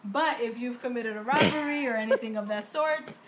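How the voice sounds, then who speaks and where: A woman on a podcast who explains things plainly and calmly in casual talk. There is clear noise on her track. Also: a little high, a little fast. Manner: matter-of-fact, explains things. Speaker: podcast co-host. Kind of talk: casual chat.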